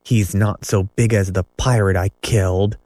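A man's voice: on the low side, steady tone, normal speed, a little mellow, dry recording, studio quality, close to an everyday voice. A man voicing a small, sleepy youngest boy who speaks in a doubtful, childlike way in a storybook reading.

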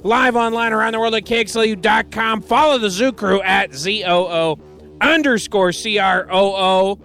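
A man's voice: sits high, normal speed, creaky, pushed and bright. A man working as a radio DJ, rambling and joking between songs in a loose, self-deprecating way. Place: radio studio.

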